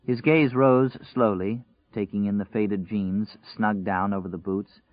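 A man narrating a dark story in a measured, tense storytelling voice. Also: fairly low pitch, fairly even intonation, dry recording. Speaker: audiobook narrator. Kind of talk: dramatic scripted narration. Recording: tinny, phone-like and dry.

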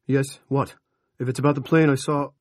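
A man voicing an urgent small-town doctor who gives brisk, commanding orders. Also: fairly low pitch, fairly even intonation, darkish tone, no echo, clean studio sound, natural voice.

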